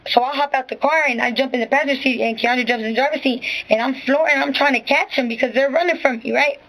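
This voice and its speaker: A woman's voice: high-pitched, quick pace, a bit bright, poor audio. A woman being questioned as a witness, giving a rambling, profane spoken account full of restarts and filler phrases. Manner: rambling, profane, full of restarts and "you know what I'm saying".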